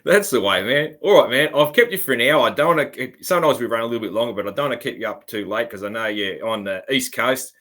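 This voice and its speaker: A man's voice: mid-range voice, expressive, quick pace, hardly any pauses, fairly bright tone. A middle-aged Australian man hosting a podcast interview in an easygoing, rambling way. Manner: rambling and easygoing, often calling the guest "man". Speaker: podcast host. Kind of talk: casual interview chat.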